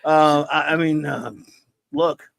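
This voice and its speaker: A man's voice: fairly high pitch, steady tone, slow pace, gravelly, fairly bright tone, no room sound. A man hosting a casual livestream podcast, talking in jokey, teasing showman patter. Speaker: podcast host.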